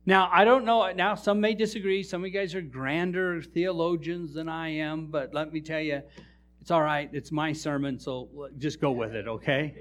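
With a voice a little on the high side and a moderate pace, a male pastor preaches in church. His sermon is animated storytelling, packed with funny tales and jokes aimed at the congregation.

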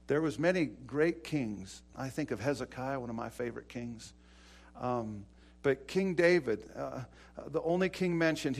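A man with a slightly high voice preaches an informal sermon, animatedly retelling Bible stories with many fillers and restarts.

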